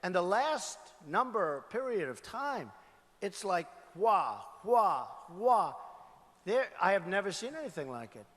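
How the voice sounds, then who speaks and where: A man's voice: sits high, big pitch swings, normal speed, fairly bright tone. Emphatic man giving a rally speech. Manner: emphatic, repeats phrases, calls out to crowd. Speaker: political candidate. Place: large indoor rally venue. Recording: reverberant arena with crowd noise. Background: crowd murmur.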